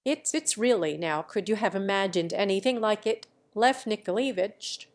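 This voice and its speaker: A woman's voice: mid-range voice, moderate pace, close to an everyday voice. A woman voicing an agitated older male general who speaks in a flustered, pleading way.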